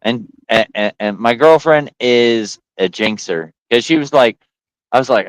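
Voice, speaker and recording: A man's voice: medium pitch, a little slow, smooth, no room sound, rough recording. A man on a casual livestream chat, telling stories and acting out quotes with lots of energy. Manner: animated storyteller, acts out quotes. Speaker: livestream co-host.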